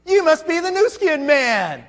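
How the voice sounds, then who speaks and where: A man's voice: very high voice, big pitch swings, unhurried, a little hiss or hum, voice pushed up, heavily acted. A man voicing an offhand older grandmother who chatters dismissively while telling a story to a conference crowd. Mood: breezy. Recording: long hall reverb.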